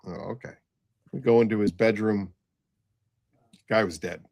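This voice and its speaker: A middle-aged man, a nurse and former paramedic, telling a blunt story in casual conversation, halting and full of restarts. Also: lowish voice, creaky, darkish tone, no echo.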